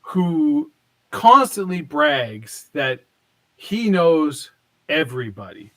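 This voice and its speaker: Slightly high-voiced man telling a joke. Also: big pitch swings, slow pace. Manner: rambling storyteller, many fillers. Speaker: podcast co-host. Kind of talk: casual chat, joke telling.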